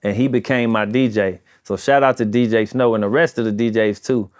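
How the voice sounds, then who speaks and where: A man's voice: fairly low pitch, steady tone, fairly quick, no room sound, studio quality. A man in his forties with a St. Louis accent, talking casually as an interview guest and repeating phrases for emphasis. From St. Louis, USA.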